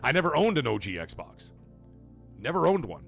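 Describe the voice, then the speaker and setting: Hyped-up gaming stream host. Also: male voice, mid-range voice, moderate pace, gravelly, faint music behind. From Canada. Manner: excitable, bursts into loud hype shouts. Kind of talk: live stream chat, reading super chats.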